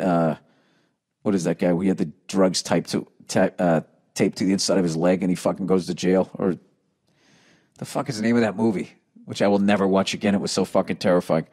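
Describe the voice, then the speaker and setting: A middle-aged man with a Boston accent hosting a podcast, reading listener emails aloud and answering with sarcastic, profanity-heavy rants that swing from mocking high jabs to low grumbling. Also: a little mellow. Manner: sarcastic, swears heavily, swings between mocking highs and grumbling lows. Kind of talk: profane comedic podcast rant.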